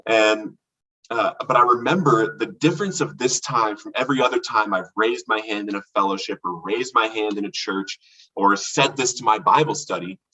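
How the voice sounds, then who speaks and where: A man recounting his recovery from addiction as a podcast guest, earnest and halting, with many restarts. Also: on the low side, bright, forceful tone, slightly rough, recorded from a distance, low-quality recording. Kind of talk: candid testimony in a podcast conversation.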